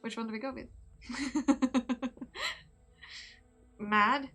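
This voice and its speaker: A woman's voice: fairly high pitch, fairly even intonation, drawn-out words, pushed and bright, muffled recording, soft background music. Giggly woman streamer reading a story. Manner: giggly, chatty with viewers. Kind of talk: casual live-stream chat and story reading.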